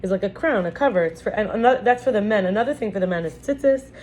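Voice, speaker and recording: A woman's voice: medium pitch, animated, quick pace, a little mellow, a little hiss or hum. Chatty woman teaching a spiritual lesson. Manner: chatty, restarts often, reads from a book. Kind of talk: casual spiritual teaching talk.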